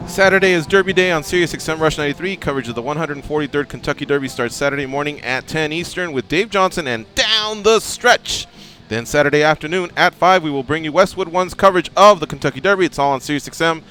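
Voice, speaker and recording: A man's voice: a little high, pushed and bright, smooth, soft background music. A man hosting a radio talk show from the studio, reading promos and joking with his guests. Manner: fast and joking. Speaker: radio host.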